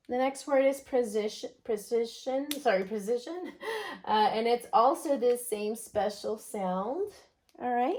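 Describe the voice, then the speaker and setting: A woman teaching first grade phonics, her voice sitting a little high. She speaks slowly and steadily, repeating each sound three times for the children to echo. Her tone stays encouraging throughout the drill. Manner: encouraging classroom talk. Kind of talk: remote phonics lesson.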